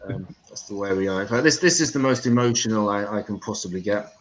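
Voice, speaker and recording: A man's voice: on the low side, fast, slight background noise, poor audio. An English man hosting an open mic comedy show, with profane, self-mocking stand-up banter. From England.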